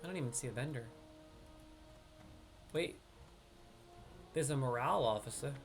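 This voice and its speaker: A man's voice: mid-range voice, moderate pace, creaky, music in the background. A man with a New York accent giving live gameplay commentary, chatting straight to his viewers. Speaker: streamer.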